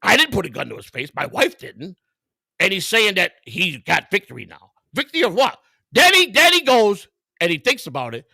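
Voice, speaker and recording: A man's voice: sits high, huge pitch swings, moderate pace, gravelly, bright, forceful tone, slightly rough, dry recording. A man hosting a livestream, telling a heated, profane story full of quoted dialogue. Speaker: host.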